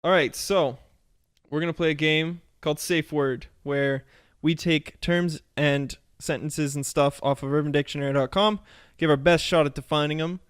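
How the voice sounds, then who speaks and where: Smooth-voiced rambling podcast host. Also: male voice, a little high, fairly even intonation, moderate pace, dry recording, clean studio sound. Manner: rambling, loose and laughing. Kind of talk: casual podcast chat.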